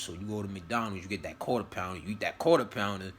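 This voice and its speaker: A man's voice: low voice, fast talker, hardly any pauses, a bit bright, a little hiss or hum. A man giving a casual, rambling motivational monologue on spiritual calling, slang-heavy and profane, often repeating himself. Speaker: vlogger giving spiritual advice.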